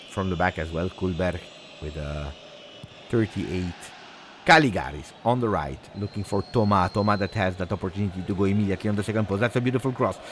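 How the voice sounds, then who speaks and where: A man commenting live on a football match, switching between muttered play-by-play and shouting at big moments. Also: sits low, moderate pace, pauses often, a little hiss or hum. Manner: excitable, shouts at big moments, drops Italian words. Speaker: football fan streamer.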